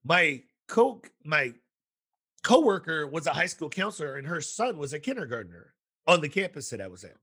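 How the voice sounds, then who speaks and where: This school counselor and podcast host has a fairly high voice with a breathy edge, talking at normal speed. In a casual conversation with a guest, he tells spirited stories, voicing the quoted people himself.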